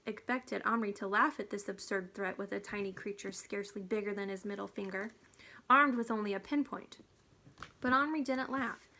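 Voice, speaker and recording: A woman reading a children's storybook aloud, steady and hushed at tense moments. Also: medium pitch, vocal fry. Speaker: reader.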